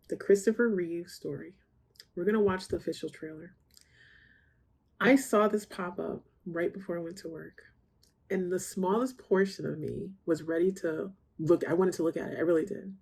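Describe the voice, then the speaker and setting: A woman's voice: fairly low pitch, darkish tone, breathy edge. A woman hosting a reaction channel, talking casually to camera, chatty and rambling, open about her feelings.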